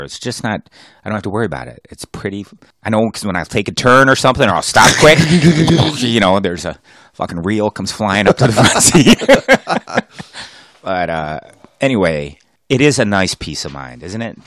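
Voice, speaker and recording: A man's voice: lowish voice, very animated, moderate pace, fairly bright tone, dry recording, clean studio sound. A man co-hosting a podcast, chatting casually and rambling, swearing freely. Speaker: podcast co-host. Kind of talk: casual chat. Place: podcast recording setup.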